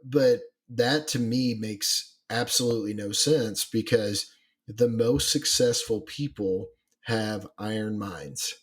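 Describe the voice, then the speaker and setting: A man's voice: fairly low pitch, slow, slightly rough. A man co-hosting a podcast in casual chat, rambling with many fillers and restarts. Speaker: podcast co-host.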